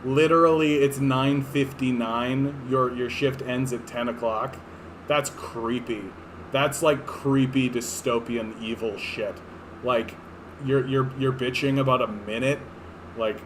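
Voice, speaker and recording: A man's voice: mid-range voice, fairly even intonation, a little slow, noisy background. A man in his thirties from Canada, rambling through casual political commentary on clips, sarcastic and profane, full of fillers and restarts. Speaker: political streamer.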